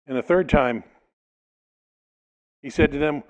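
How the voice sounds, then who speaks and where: A man's voice: a little high, measured pace, long pauses, low-quality recording. A male pastor preaching a sermon, reading a passage aloud and explaining it, sometimes acting out the people in it. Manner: expository preaching, reads scripture then explains it, dramatizes quotes.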